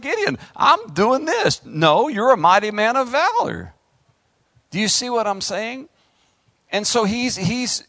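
A middle-aged male pastor preaching a sermon, animated, acting out voices and talking straight to the congregation. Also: sits high, no echo, clean studio sound.

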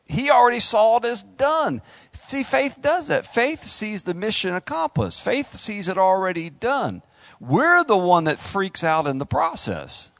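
Animated, joking male preacher. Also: high-pitched, unhurried, gravelly, dry recording, clean studio sound. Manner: animated, conversational, jokes with the congregation. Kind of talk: sermon.

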